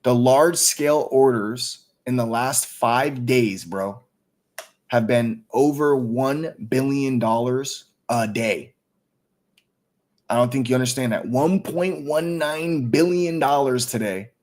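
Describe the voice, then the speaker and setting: Man, stream host, casual chat, hyped, profane, mid-pitched voice. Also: slow pace, a little mellow.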